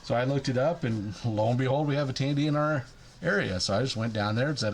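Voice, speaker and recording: A man's voice: medium pitch, quick pace, a little hiss or hum. A man chatting casually in a rambling, jokey, self-deprecating way about his leatherworking hobby. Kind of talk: casual chat.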